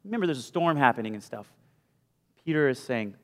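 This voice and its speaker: A male pastor preaching a sermon with animated storytelling, moving from loud bursts to hushed asides. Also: medium pitch, fairly quick. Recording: long hall reverb.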